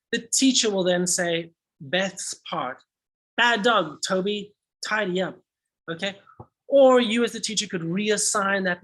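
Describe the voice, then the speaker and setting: A man who trains English teachers, walking through a lesson plan in a lively way with frequent "okay" and "all right". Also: high-pitched, poor audio. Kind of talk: teaching tutorial.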